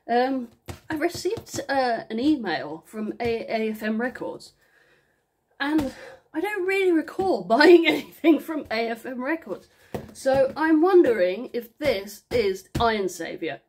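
A woman's voice: on the high side, slight background noise. A woman with a Northern English accent who rambles chattily and talks to herself during a casual unboxing vlog. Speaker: vinyl unboxing vlogger.

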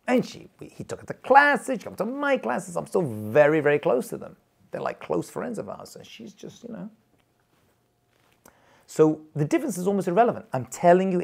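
A man's voice: on the high side, gravelly, husky. A man, a rabbi, teaching a live class in an informal, emphatic way, repeating points and chuckling as he goes. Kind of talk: lively informal lecture to a live group.

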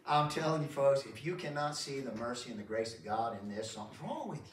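A man's voice: medium pitch, animated, quick pace, few pauses. A man preaching a sermon as pastor, in a folksy way that keeps repeating itself, chuckling and calling his listeners folks. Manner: folksy, repeats himself, chuckles often, calls the crowd folks. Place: church sanctuary. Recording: roomy church sound from a distant mic.

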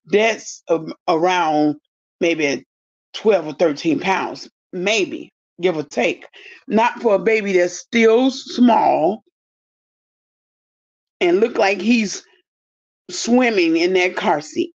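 A woman's voice: lowish voice, takes it slowly, pauses often, darkish tone. A woman in her fifties giving blunt, indignant casual commentary to her viewers. She swears freely. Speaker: commentary vlogger. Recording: dull lo-fi audio.

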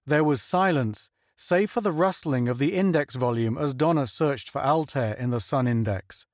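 A man narrating a science fiction audiobook in measured scripted storytelling. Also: mid-range voice, no echo, clean studio sound.

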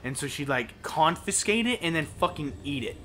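A man's voice: fairly high pitch, animated, normal speed, sharp tone, a little hiss or hum. A young man casually commentating a video game as host, swearing often and laughing and yelping at what happens on screen. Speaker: let's play host.

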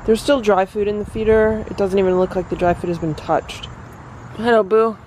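A home cat vlogger talking to the camera in a calm, matter-of-fact voice of middling pitch. The narration is casual and unhurried, with a faint hiss of background noise behind it. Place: home and yard, in and out of doors.

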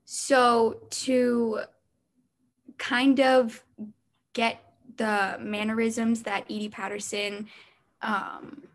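A young actress answering interview questions, hesitant and full of ums and likes. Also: female voice, medium pitch, fairly bright tone.

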